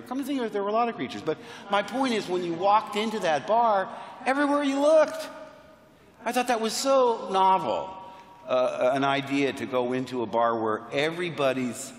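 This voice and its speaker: Man, 60s, playful storyteller, slightly high voice, echoey convention hall. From United States. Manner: playful, enthusiastic, quick asides and self-deprecating jokes. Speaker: convention panel guest. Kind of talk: animated anecdotal storytelling. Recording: roomy hall reverb on PA.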